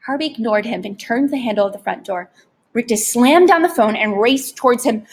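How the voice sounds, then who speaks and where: A woman reads an audiobook aloud with steady, expressive storytelling. Her voice sits a touch high and has a breathy, husky texture. The delivery stays even and clear through the narration. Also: brisk. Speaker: audiobook reader.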